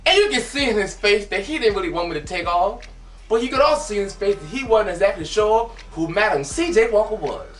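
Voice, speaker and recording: Shouting comic man, echoey and distant. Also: high voice, brisk. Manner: animated, bursts into shouting. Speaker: comedian host. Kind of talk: satirical comic monologue. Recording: echoey, from a distance, faint music.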